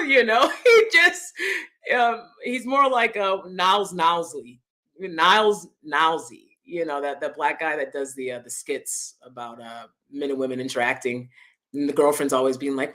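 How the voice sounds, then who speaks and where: A woman talks straight to her audience in loose, casual commentary. Her voice sits on the lower side and has a bright, forceful edge. She is chatty and expressive and breaks into laughter often. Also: moderate pace. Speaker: vlogger host.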